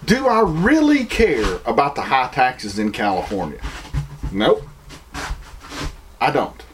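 A man's voice: medium pitch, big pitch swings, takes it slowly, a little hiss or hum. A man with a Southern American accent, delivering an opinion monologue full of rhetorical questions and mocking imitations.

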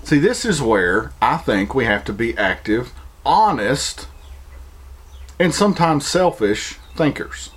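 A man's voice: medium pitch, sing-song, slow pace. A man with a Southern American accent, delivering an opinion monologue full of rhetorical questions and mocking imitations.

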